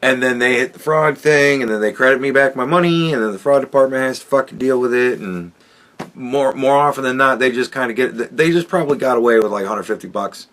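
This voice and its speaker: A man's voice: medium pitch, brisk, fairly bright tone. Profane rambling man telling a story. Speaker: podcast host. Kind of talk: casual monologue.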